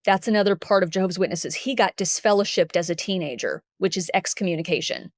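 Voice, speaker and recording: A woman from Texas, a podcast guest, telling a personal story candidly and lively, acting out what people said. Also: lowish voice, fast talker, dry recording, studio quality. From Dallas, Texas. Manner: candid, animated, acts out the quotes.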